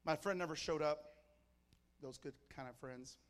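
A man's voice: a little high, normal speed, big-room sound. A man from Mexico preaching to a church congregation, fervent and telling stories in short, punchy phrases. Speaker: pastor. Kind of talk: sermon. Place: church service.

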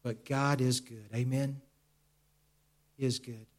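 Earnest preacher, slowing for emphasis. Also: male voice, mid-range voice, fairly even intonation. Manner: earnest, confessional, with hesitant repetitions; slows down for emphasis, drops to a soft voice. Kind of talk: sermon.

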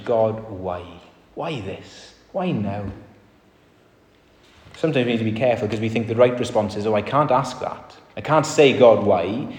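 In an echoey, reverberant church hall, a man preaches earnestly to a congregation. His voice is lowish and warm, and he asks rhetorical questions and acts out short quotes.

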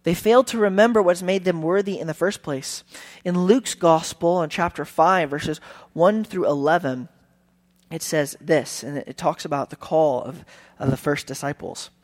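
A man's voice: on the high side, moderate pace. Male pastor, conversational sermon delivery, emphatic. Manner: conversational, emphatic, acts out quotes.

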